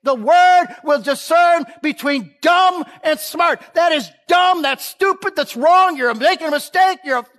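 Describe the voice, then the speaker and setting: A male preacher delivering a sermon, who switches between shouting for emphasis and a calm, conversational way of talking. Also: extremely high pitch, measured pace, hardly any pauses, long reverb tail.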